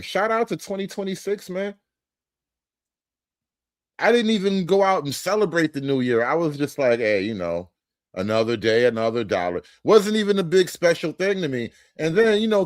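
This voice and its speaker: A man hosting a casual reaction show, joking crudely and laughing, dropping to low mutters and jumping up loud. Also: dry recording, studio quality. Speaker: show host reacting to a debate.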